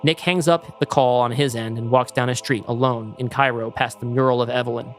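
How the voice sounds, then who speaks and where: A man co-hosting a podcast, reading a screenplay aloud in plain, measured narration. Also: medium pitch, steady tone, soft background music. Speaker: podcast co-host.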